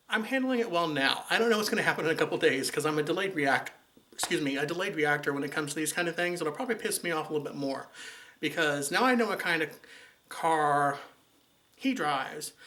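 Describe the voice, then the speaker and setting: A man's voice: on the high side, bright, forceful tone. A man telling an exasperated, sarcastic story about running into his ex, in a chatty vlog style. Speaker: vlogger. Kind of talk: casual storytelling to camera.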